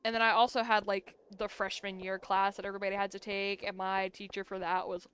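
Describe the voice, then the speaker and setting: A woman's voice: mid-range voice, level tone, a little fast, fairly bright tone, slight background noise. A young woman streaming a farming game, chatting casually and telling stories about college with lots of "like". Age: young adult. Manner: chatty, says "like" a lot, yawns between stories. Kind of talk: casual storytelling while gaming.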